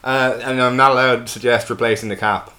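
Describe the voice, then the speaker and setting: A man's voice: medium pitch, fairly even intonation, a little fast, bright, forceful tone. A man hosting a casual comedy podcast from a table in a friend's home, playful and giggly. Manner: playful, giggly, self-mocking. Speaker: podcast host.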